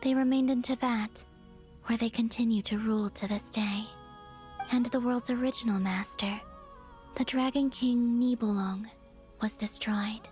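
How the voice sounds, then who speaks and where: Woman voicing Columbina, hushed moon goddess. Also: a little high, steady tone, unhurried, soft background music, natural voice. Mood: somber. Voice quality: breathy, hushed. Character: soft-spoken young moon goddess, gentle and sorrowful. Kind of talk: game cutscene voice acting.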